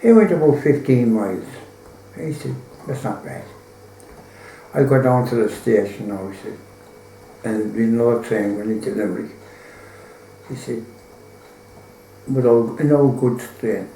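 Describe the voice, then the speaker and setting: A man's voice: medium pitch, a little slow, pauses often, mellow, reverberant, slight background noise, low-quality recording. Irish man telling a rambling tale. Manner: rambling, colloquial, peppered with "he said" and swearing. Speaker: storyteller.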